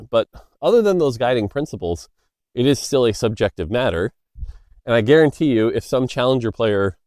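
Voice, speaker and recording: Guy rambling about game design while walking outside, mid-pitch, dry close sound, lots of "like" and "right?". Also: darkish tone, no echo. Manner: loose, filler-heavy, storytelling. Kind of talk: casual Q&A monologue. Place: outdoors walking by a road.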